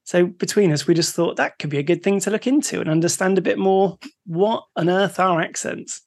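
Easygoing West Country man, higher voice. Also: brisk, gravelly, a little mellow. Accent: West Country English. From West of England, near Bristol. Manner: easygoing, laughs often, explains topics. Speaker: podcast co-host. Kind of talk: casual podcast chat.

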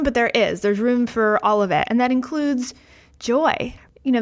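A woman hosting a podcast, talking in a candid, gentle and reflective personal monologue. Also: mid-range voice. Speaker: podcast host.

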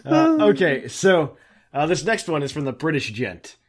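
A man with a somewhat high voice co-hosts a relaxed podcast. He laughs a lot and reads listener emails aloud, stumbling over words with frequent fillers. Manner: laughs often, halting reading with fillers. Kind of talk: casual chat.

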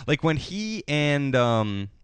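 A man's voice: on the high side, sing-song, slow, clean tone, no echo. Man, podcast co-host, rambling, profane, dry close sound. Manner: rambling, profane, acts out quotes in funny voices. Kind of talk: casual film review chat.

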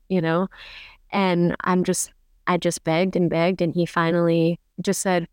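A woman guest on a podcast telling a personal story in a fast, urgent way, often quoting herself and others. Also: fairly low pitch, little pitch movement, a little mellow, smooth, no room sound, clean studio sound. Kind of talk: emotional personal story in conversation.

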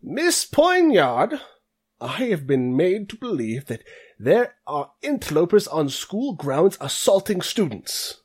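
High, slow, husky-edged old orc dean, formal and stern, put on by a man. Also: big pitch swings, heavily acted. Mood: suspicious.

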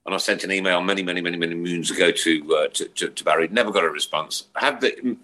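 A man's voice: low voice, fast, pushed and bright, slight background noise. A middle-aged man hosting a podcast in casual chat, jokey and rambling, with many fillers and restarts. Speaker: podcast host.

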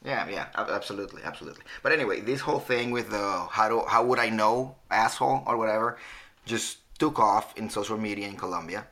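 A man in casual podcast chat who often restarts sentences and paraphrases quickly. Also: lowish voice, bright, forceful tone.

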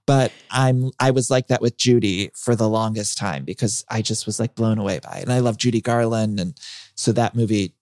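A man's voice: lowish voice, fairly quick, a little mellow, no room sound, clean studio sound. A man who is a podcast guest, chatting in an enthusiastic, gushing way. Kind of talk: casual chat.

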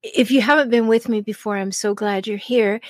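A middle-aged woman hosting a solo advice podcast as a relationship coach, speaking deliberately and slowing down with pauses to stress key words. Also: mid-range voice, no echo.

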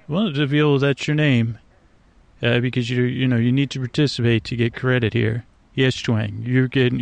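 A man's voice: medium pitch, vocal fry, dry recording. A man hosting a sleep podcast from a swamp at night, rambling in a meandering, hesitant way with lots of fillers and restarts and a whimsical, playful tone. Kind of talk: rambling, drowsy monologue outdoors at night.

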